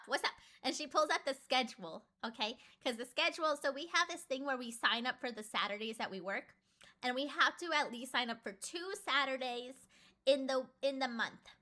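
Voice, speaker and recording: Talking fairly quickly, a young woman hangs out with her stream in a relaxed chat. Fillers pepper her speech, and excitement sends her pitch leaping upward.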